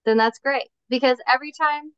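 A woman's voice: high-pitched, a little fast, smooth, no echo, highs cut off. A woman from Minnesota, a podcast guest and small business owner, chatting casually and acting out little stories. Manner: animated storytelling, acts out quoted voices. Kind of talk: casual interview chat.

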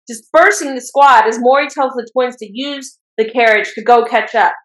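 A woman hosting a casual chat, recapping an anime episode as an excitable fan who gets worked up and laughs as she retells it. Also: a little high, moderate pace, roomy sound, poor audio. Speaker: podcast host recapping an anime.

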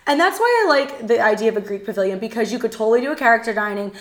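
A woman co-hosting a casual podcast chat, animated and rambling with lots of fillers. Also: a little high, rapid-fire. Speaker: podcast co-host.

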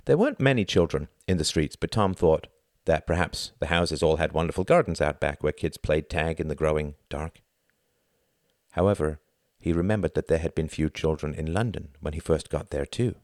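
A man narrating a novel in an even, measured storytelling manner. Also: extremely low pitch, no echo, clean studio sound. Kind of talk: audiobook narration.

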